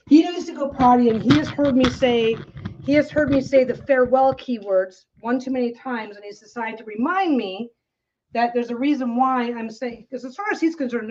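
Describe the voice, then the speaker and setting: A woman's voice: a little high, highs cut off, background noise. A woman vlogging while she quilts at home. She chats casually with many restarts and coos at her dogs. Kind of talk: casual chat while crafting.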